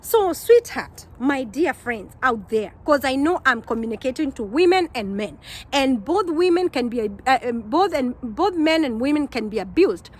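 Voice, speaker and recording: A woman's voice: high-pitched, normal speed, poor audio. A Kenyan woman giving earnest, heartfelt advice in a casual vlog, often repeating her points. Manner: earnest, repeats herself, animated quoting. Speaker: vlogger.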